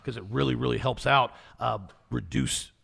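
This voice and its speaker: A young man co-hosting a casual talk show, agreeable and quick to chime in. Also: mid-range voice, fairly even intonation, gravelly, a bit bright, breathy edge. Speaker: co-host.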